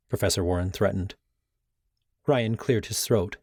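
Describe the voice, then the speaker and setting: A man with a lowish voice reads a first-person novel aloud in an even, steady manner. The sound is close and dry, with no room around it. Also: normal speed, no room sound. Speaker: audiobook narrator. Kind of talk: first-person fiction narration.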